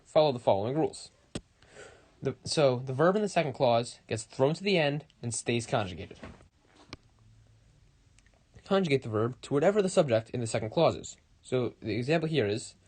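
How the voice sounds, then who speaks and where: A man's voice: mid-range voice, a little mellow. A teenage boy presenting a school project as a casual lesson, rambling and informal, with wry jokes and frequent self-corrections. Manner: wry, joking asides.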